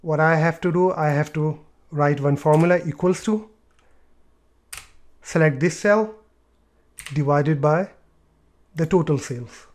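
Male tutor, higher-pitched, talks through each click plainly, light typing in background. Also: measured pace, pauses often. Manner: explains step by step with fillers and repeats. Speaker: tutorial presenter. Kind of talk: screen-recorded software tutorial.

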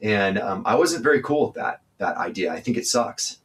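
A man from California answers interview questions in a fairly low voice. He talks bluntly and with emphasis, and he swears without holding back. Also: expressive, moderate pace, fairly bright tone. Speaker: interview guest, singer. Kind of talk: candid interview talk.

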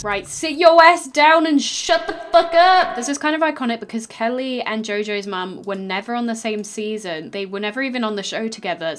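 A woman's voice: mid-range voice, fairly bright tone. A woman giving crude, sarcastic gameplay commentary, laughing often. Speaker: gaming YouTuber.

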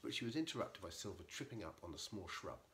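A man with a low voice reads a children's storybook aloud, lively and expressive. His pitch rises and falls widely as he narrates. A faint hiss of the room sits behind him. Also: quick pace. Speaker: narrator, author. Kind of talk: storybook reading.

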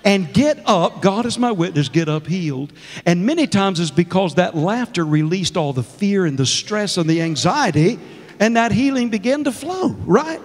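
His voice sits high and is very animated at a normal speed. The middle-aged man is a guest minister preaching in a church sanctuary, exuberantly laughing and calling out to the congregation, with the recording's long church reverb clearly audible.

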